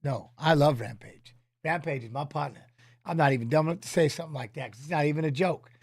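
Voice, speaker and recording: A middle-aged former fighter hosts a casual livestream from his home office, chatting loosely as he watches fights. He rambles and drops filler tags, speaking fast in a fairly high voice. There is no room sound.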